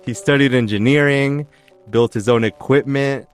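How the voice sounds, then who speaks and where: A man's voice: mid-range voice, normal speed, soft background music. A man hosting a podcast, telling a mystery story in a rambling, chatty way, often correcting himself mid-sentence. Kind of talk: casual storytelling chat.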